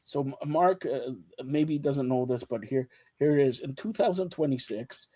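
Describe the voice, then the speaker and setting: A man's voice: mid-range voice, moderate pace, breathy edge. A man hosting a casual sports chat show, teasing his co-hosts and talking over them. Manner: teasing, talks over others, animated.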